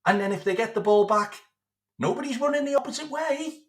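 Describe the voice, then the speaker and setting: A man's voice: very high-pitched, fairly quick, roomy sound. A man delivering a sarcastic, sweary football rant as a vlog host, repeating his points. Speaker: football fan vlogger. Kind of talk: ranting monologue.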